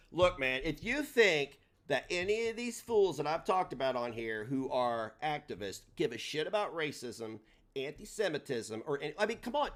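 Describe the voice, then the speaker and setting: A man hosting a livestream, ranting in a combative, profane way, his delivery swinging between loud and soft. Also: a little high. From United States. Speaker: livestream host.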